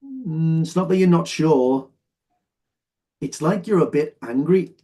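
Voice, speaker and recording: A man's voice: a little high, expressive, slow pace, mellow. A man teaching an English exam lesson, explaining patiently and often checking that his students follow. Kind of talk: online lesson, explaining while sorting phrases.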